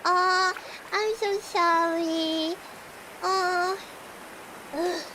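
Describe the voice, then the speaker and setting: A woman's voice: very high voice, steady tone, drawn-out words, bright, forceful tone, a little hiss or hum. A young woman streamer with a lisp, chatting casually and breaking into dramatic outbursts.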